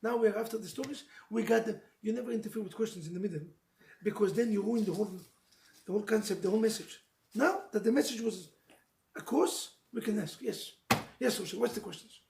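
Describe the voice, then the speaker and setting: High-pitched gravelly rabbi preaching. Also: male voice, quick pace. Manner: emotional storytelling, mixes Hebrew phrases, jokes with listeners. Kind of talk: animated sermon to a live audience. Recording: echoey room with faint noise.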